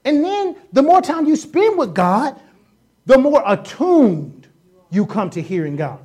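A woman's voice: high voice, sing-song, a little slow, dark tone, breathy edge. A woman preaching a sermon in a casual, joking way, often acting out voices and sounds and repeating herself for emphasis. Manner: casual colloquial speech with repetitions.

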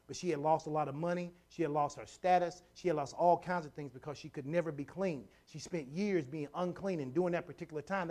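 A pastor preaches a sermon in a medium-pitched, mid-range voice, casual but emphatic, repeating key lines for effect and stammering through restarts. His delivery builds from hushed asides to loud, driving passages.

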